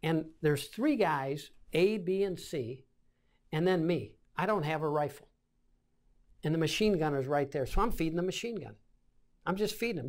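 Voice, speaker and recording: A man's voice: on the high side, normal speed, darkish tone. A man in his seventies, a war veteran, recounting combat memories in an oral-history interview, acting out scenes with sound effects. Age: 70s.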